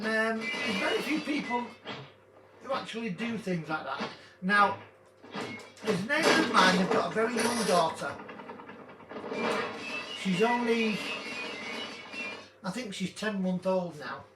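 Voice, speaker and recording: A man's voice: high-pitched, lively intonation, unhurried, pauses often. Chatty older man, roomy distant sound. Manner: rambling, jokey, chatty storytelling. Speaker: gaming video host. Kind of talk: casual chat while playing. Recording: roomy, distant mic, noisy background.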